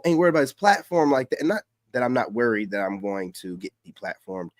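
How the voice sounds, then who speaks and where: A man's voice: a little high, no room sound, studio quality. A man giving brash, mocking casual commentary over a podcast clip, repeating himself as he reacts. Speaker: reaction streamer.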